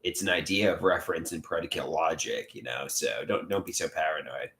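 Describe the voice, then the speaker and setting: A man's voice: a bass voice, lively intonation, brisk, vocal fry, few pauses, a bit bright. Rambling man chatting on a livestream. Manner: rambling, repeats words, greets viewers by name. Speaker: livestream host. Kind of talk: casual livestream chat reading comments.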